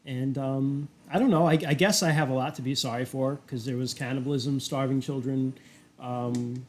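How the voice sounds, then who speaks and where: A woman's voice: rumbling low, steady tone, normal speed, darkish tone. A woman game master chatting casually after the session, blunt and swearing freely. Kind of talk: casual chat.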